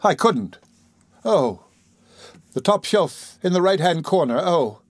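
A man reading aloud, voicing a flustered female workhouse matron in a high, breathless, whimpering voice. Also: animated, a little slow, dry recording, studio quality. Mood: faint.

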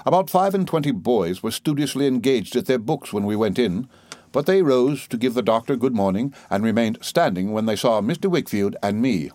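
A man narrating a novel in a measured, steady reading. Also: medium pitch, no echo. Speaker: audiobook narrator. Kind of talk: scripted narration.

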